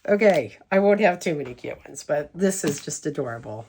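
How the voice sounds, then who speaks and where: Giggly low-voiced woman gushing. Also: lively intonation, brisk, darkish tone, a little hiss or hum. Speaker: tarot deck reviewer. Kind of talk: casual chat to camera.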